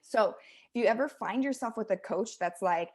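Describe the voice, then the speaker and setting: A woman with a mid-range, slightly rough voice speaks at a moderate pace as a fitness coach co-hosting a casual health podcast. She's animated and emphatic, acting out what people say. A close studio mic picks up her breathing.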